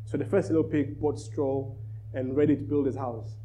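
A man preaching to a church, telling a children's story with lively energy. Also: medium pitch, moderate pace, low-quality recording. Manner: animated storyteller, rising in volume. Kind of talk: sermon with storytelling.

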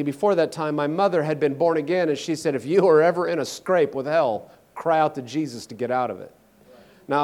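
A man preaching a personal testimony sermon, emphatic, swinging between loud declarations and hushed low passages.

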